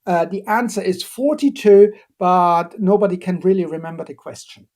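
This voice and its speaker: A man's voice: sits high, moderate pace, a little mellow. A man giving a live-streamed biochemistry lecture, talking hesitantly with many fillers and playful asides while he answers questions from the chat.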